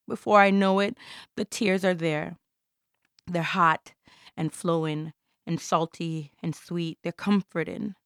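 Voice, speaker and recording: A woman's voice: fairly low pitch, steady tone, slow, clean tone, no echo, studio quality. A woman from Jamaica performing an intense, theatrical spoken-word monologue.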